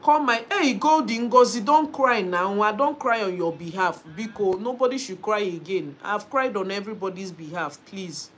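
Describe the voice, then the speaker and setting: A woman hosting a birthday live stream, warmly thanking viewers by name and laughing often. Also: medium pitch, moderate pace, few pauses, low-quality recording.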